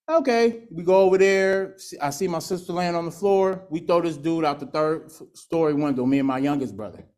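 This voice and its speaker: A man tells his story in a blunt, streetwise way, acting out the voices of family and friends. His voice sits a little higher than most men's. He speaks candidly about a hard past at a recovery meeting. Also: moderate pace, clear, resonant tone. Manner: candid, streetwise storytelling with laughs and acted quotes. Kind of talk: personal testimony at a recovery meeting.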